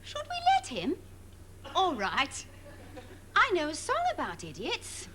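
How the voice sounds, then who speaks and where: A sugary, sarcastic kids' TV hostess. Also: female voice, sits high, wildly swooping pitch, takes it slowly, noisy background, exaggerated voice. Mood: sing-song. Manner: sing-song condescending, barbed asides. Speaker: children's TV presenter in a sketch.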